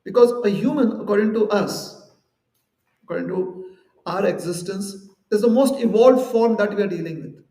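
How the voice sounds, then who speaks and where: Gravelly man lecturing in an echoey hall. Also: high voice, normal speed, dark tone, distant mic. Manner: conversational, explains with everyday examples and acted-out quotes. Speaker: temple speaker. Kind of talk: devotional lecture.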